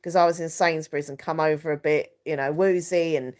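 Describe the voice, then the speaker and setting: A woman's voice: low voice, fairly even intonation, fairly quick, darkish tone. A woman hosting a live stream, talking in a rambling, emotional, confiding way with many fillers.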